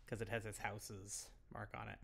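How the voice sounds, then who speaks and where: A man's voice: on the low side, flat delivery, moderate pace, vocal fry, fairly bright tone. A man playing a tabletop game, eagerly declaring his character's actions. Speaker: player.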